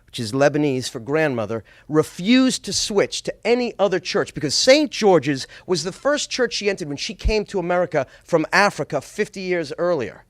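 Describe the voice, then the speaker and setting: A middle-aged man from Boston telling a personal story on stage, expressive with small stammers. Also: a little high, moderate pace, hardly any pauses, no echo, studio quality.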